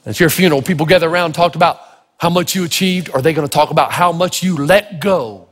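A man preaching a sermon full of stories, animated and acting out the voices of the people in them, with a husky voice. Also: fairly high pitch, quick pace. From Tennessee. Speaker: pastor. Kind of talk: storytelling sermon. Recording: long reverb of a large hall.

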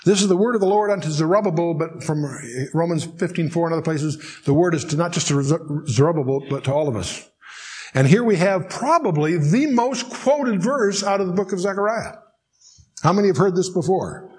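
A man teaching the Bible verse by verse, reading scripture slowly and solemnly, then explaining it in chatty, wry asides. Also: a little high, lively intonation.

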